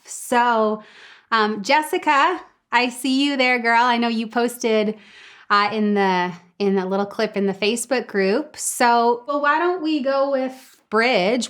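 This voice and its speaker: A woman vocal coach hosting a live online singing lesson, praising students and handing over to a colleague in a relaxed, conversational way. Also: on the high side.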